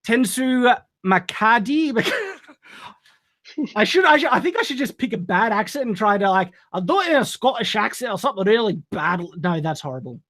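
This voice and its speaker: A man's voice: high-pitched, big pitch swings, normal speed, fairly bright tone. A man hosting a casual live stream, upbeat and laughing often as he reads out donations.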